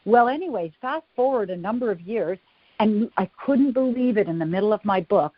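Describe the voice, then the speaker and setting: Woman guest spinning a story, animated, laughs a lot, muffled dry recording. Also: mid-range voice, brisk, no echo. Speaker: psychic-medium guest. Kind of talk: storytelling in an interview. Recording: dull lo-fi dry sound.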